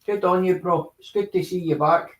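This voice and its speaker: A man's voice: sits high, fairly even intonation, moderate pace. A man, a guest on a casual live-stream chat, earnest and swearing, calling people mate.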